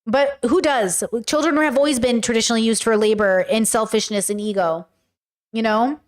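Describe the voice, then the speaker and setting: Brief: young woman livestream host, high voice, blunt, animated chatty delivery. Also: moderate pace. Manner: animated, blunt, talks straight to viewers. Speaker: livestream host reading chat. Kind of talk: casual chat. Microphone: webcam or desk mic on a livestream.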